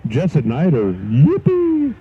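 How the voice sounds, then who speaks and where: At an outdoor dragstrip, a man announces a drag race live, blending race calls with folksy joking asides. His voice is mid-range, husky and fairly quick, and the live-stream audio is dull, with loud track noise.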